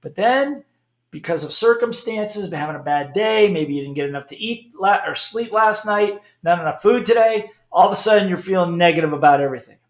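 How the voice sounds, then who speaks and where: A middle-aged man giving an emphatic, animated motivational talk, often checking in with "okay?". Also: high voice, fairly quick, roomy sound. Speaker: speaker.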